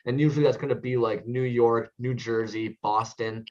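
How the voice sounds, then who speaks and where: A man's voice: medium pitch, moderate pace. Rambling man on a dull lo-fi line. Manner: rambling, animated storytelling with lots of "like". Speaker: podcast co-host. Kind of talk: casual chat on a video call.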